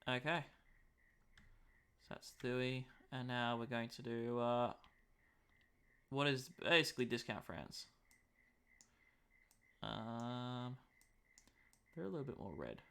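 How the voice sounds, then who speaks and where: A man's voice: mid-range voice, slow pace, long pauses, a bit bright, smooth. A young Australian man chatting casually on a live stream as he makes a map, muttering to himself and poking fun at himself.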